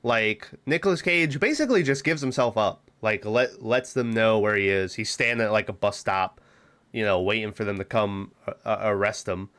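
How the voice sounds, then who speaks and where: A man's voice: lowish voice, normal speed, fairly bright tone. A man co-hosting a movie podcast, casually retelling scenes with rambling restarts and frequent laughs. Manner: rambling, laughs often, acts out movie lines. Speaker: podcast co-host. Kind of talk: casual movie review chat.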